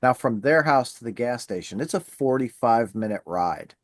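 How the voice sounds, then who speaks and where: Animated male podcast host telling a story over a dry, close mic, with a mid-range voice. He swears freely, acts out the people he quotes, and keeps the talk casual and loose. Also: mid-range voice, moderate pace, dry recording.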